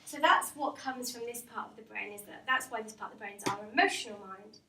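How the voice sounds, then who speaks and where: A woman's voice: a little high, fast. A woman, a hypnotherapist, giving an informal talk to office staff. She is chatty, laughs often and asks the room questions. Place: company meeting room with a live audience. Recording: roomy and distant, faint background noise.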